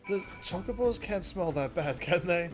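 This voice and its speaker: A man's voice: high-pitched, expressive, normal speed, music in the background. A young man casually commentating as he plays a game, joking and laughing to himself. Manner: jokey, laughs often, talks to himself. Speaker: gaming streamer. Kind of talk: casual let's-play commentary.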